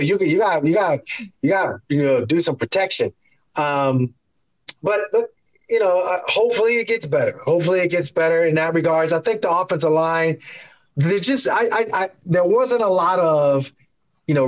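An animated man talking casually as a guest, his voice sitting a little high. He acts out his own reactions as he talks. The line comes through dull and muffled, like a remote call. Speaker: guest analyst. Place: standing at a TV studio.

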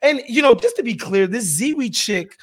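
A man's voice: extremely high pitch, expressive, moderate pace. A man hosting a podcast, talking bluntly and animatedly, with plenty of swearing. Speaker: podcast host. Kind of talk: casual opinionated chat.

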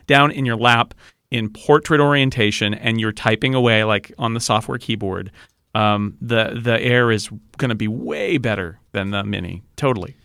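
A man's voice: lowish voice, normal speed, vocal fry, a bit bright, no echo, studio quality. A man guesting on a podcast, chatting casually and rambling with restarts. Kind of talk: casual chat.

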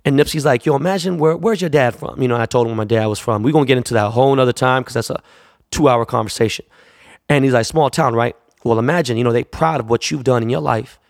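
Fast-talking gravelly man telling stories. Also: mid-range voice, dry recording, clean studio sound. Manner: profane, rambling, acts out quotes in dialogue. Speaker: jeweler and store owner. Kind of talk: casual anecdotal storytelling.

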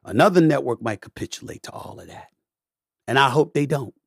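A middle-aged man holds forth on his podcast with a slightly husky voice, hammering home points through repetition and pointed emphasis. His delivery swings from booming to hushed while staying preachy and forceful. The sound is dry and close, with no room around it. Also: lively intonation, brisk, dry recording. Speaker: podcast host. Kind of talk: impassioned monologue.

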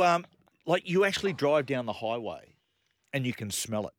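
A middle-aged man hosting a radio show, telling animated stories in casual chat. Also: medium pitch, normal speed, slight background noise. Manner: animated storyteller, laughs through his anecdotes. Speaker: radio host.

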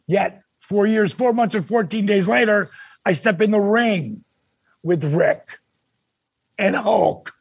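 An older man, a former wrestler, telling stories as a guest on a casual podcast. He is animated and swears freely. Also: sits high, takes it slowly, gravelly, slightly rough, no echo. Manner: animated, swears freely, acts out quoted dialogue.

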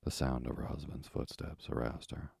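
A man narrating a bedtime sleep story in a slow, soothing, breathy whispered role-play. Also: a bass voice, little pitch movement, darkish tone, no echo, clean studio sound.

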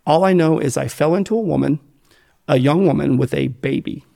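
Gravelly, blunt American man telling his story. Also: a little high, brisk, mellow. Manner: blunt, profane, rambling with many fillers and restarts. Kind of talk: candid storytelling interview.

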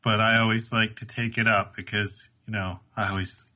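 A man's voice: on the low side, flat delivery, moderate pace, bright, forceful tone. A man co-hosting a casual chat, rambling with restarts and fillers. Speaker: podcast co-host.

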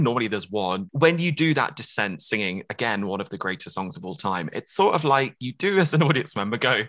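A man's voice: lowish voice, sing-song, brisk, few pauses, a bit bright. A man hosting a casual interview, gushing and effusive, with some casual swearing. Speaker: interviewer host.

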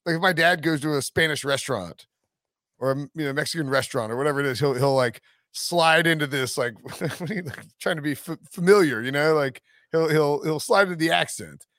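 A man's voice: fairly high pitch, fairly quick, fairly bright tone, no echo, clean studio sound. A man hosting a sports podcast, chatting casually, joking and laughing often. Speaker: podcast host.

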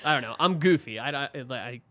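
A man's voice: mid-range voice, animated, brisk, fairly bright tone, dry recording. A man from Philadelphia, a guest on a casual podcast chat, who jokes about himself and trails off. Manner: self-deprecating, jokey, trails off. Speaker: guest, team staffer.

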